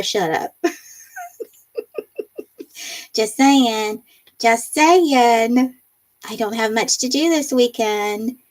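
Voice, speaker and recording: A woman hosting a live crafting stream from her home craft room, chatting and reading out viewer comments with frequent laughter. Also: medium pitch. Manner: bubbly, laughs often.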